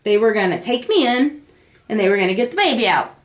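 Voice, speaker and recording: A young woman casually telling her family the story of a birth, acting out the quoted lines. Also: fast. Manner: animated, acts out the quoted lines in a high voice. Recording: echoey room.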